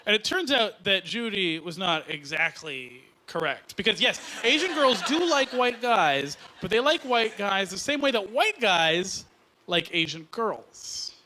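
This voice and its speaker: High-voiced man doing stand-up. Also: a little slow, few pauses, slight background noise. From Canada. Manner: animated, mocking, slips into mock outrage and silly voices. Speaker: stand-up comedian. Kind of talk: stand-up comedy routine. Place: comedy club stage with a laughing audience.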